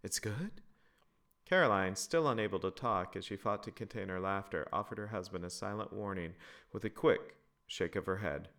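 A man narrating a family story in a lively, expressive reading. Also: sits low, a little fast.

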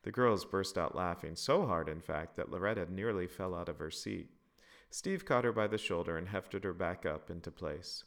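A man narrating a family story in a lively, expressive reading. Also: deep voice, normal speed, vocal fry.

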